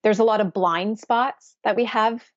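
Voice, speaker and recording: A woman's voice: mid-range voice, normal speed, dry recording, highs cut off. A woman nutritionist and coach, speaking as a podcast guest and explaining earnestly, often tagging "right?" onto what she says. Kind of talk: podcast interview conversation.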